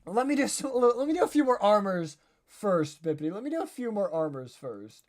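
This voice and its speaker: A man talking viewers through a live gameplay stream, animated and quick to blame himself. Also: high voice. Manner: animated, self-critical, talks straight to viewers. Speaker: game streamer.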